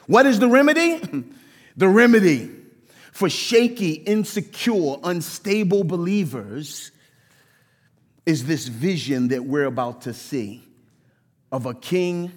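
A man preaching a sermon as pastor, animated and acting out quoted voices in a church sanctuary. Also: fairly high pitch, big-room sound.

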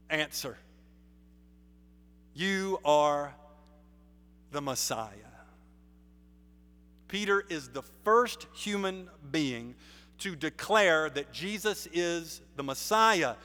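A male preacher delivers a sermon, unhurried and deliberate, leaning hard on his key words. His voice is bright and sits a little high. It rings out with a long reverb, as in a big sanctuary. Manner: measured, emphatic preaching with rising stresses. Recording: long reverb of a large hall.

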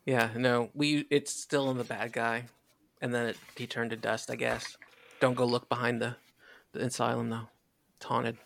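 A man's voice: mid-range voice, flat delivery, moderate pace, creaky, a bit bright. A man playing a tabletop role-playing game, chatting casually and in character. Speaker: player.

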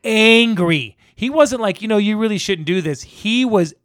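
A man co-hosting a casual film discussion, animated and laughing often as he acts out scenes. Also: high-pitched, normal speed, dry recording, studio quality. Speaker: podcast co-host.

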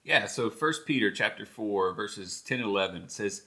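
Low bright-voiced laid-back man. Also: expressive, normal speed, few pauses. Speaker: podcast co-host. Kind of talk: casual chat.

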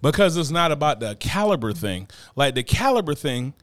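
Blunt, profane man talking fast. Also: fairly high pitch, no room sound, clean studio sound. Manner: blunt, profane, animated, repeats "you know what I mean". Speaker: podcast co-host. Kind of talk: casual chat.

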